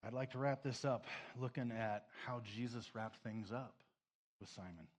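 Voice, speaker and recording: A man preaching a sermon, emotional, swinging between loud emphasis and a soft hush, tearful at moments. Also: medium pitch, moderate pace. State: crying. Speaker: pastor.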